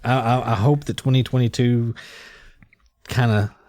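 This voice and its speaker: A man with a mellow, darker tone chats casually on a podcast, wandering through his thoughts and circling back on his sentences. His voice is close and dry, with no room sound around it. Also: medium pitch, fairly even intonation, unhurried, no room sound. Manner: rambling, many fillers and restarts. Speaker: podcast host. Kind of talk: casual chat.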